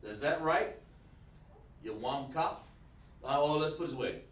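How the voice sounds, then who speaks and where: A man teaching a livestreamed language lesson, explaining slowly and repeating himself while talking to the chat. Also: fairly high pitch. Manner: slow, repetitive explaining, addresses the chat. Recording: roomy, mic at a distance, faint noise.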